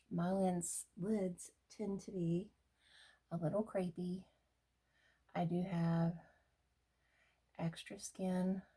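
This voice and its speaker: A middle-aged woman talking casually through her makeup routine, often dropping to a soft whisper. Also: lowish voice, breathy edge. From United States. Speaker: beauty vlogger. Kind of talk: casual get-ready-with-me makeup talk.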